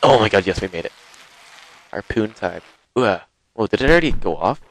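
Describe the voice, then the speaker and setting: A man giving live, excitable commentary while playing a game, exclaiming and gasping often, recorded on a headset. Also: lowish voice, brisk. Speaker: gaming video host.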